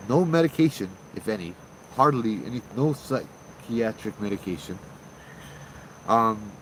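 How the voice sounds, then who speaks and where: A man tells a ghost story in a loose, chatty way, acting out each exchange. His voice sits on the low side. Faint crickets and insects chirp behind him. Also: lively intonation, measured pace, slight background noise, rough recording. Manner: chatty, acts out dialogue with fillers and restarts. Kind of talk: casual spoken storytelling.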